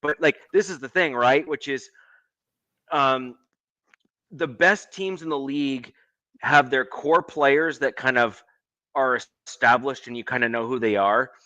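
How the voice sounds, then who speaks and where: Canadian man, bright casual podcast voice. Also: medium pitch, no echo, dull audio. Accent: Canadian, close to American. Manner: measured, hedging with many ums. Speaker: podcast co-host. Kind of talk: casual sports podcast chat.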